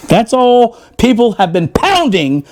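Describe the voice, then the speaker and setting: A man, a former Marine, telling a profane, animated story on a podcast and laughing often. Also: very high voice, takes it slowly. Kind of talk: casual storytelling.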